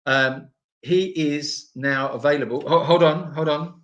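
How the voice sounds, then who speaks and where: A man's voice: on the high side, steady tone, measured pace, fairly bright tone, echoey room. Rambling man hosting a livestream. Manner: meandering, self-interrupting, upbeat. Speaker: livestream host at an animal sanctuary. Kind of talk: casual livestream chat.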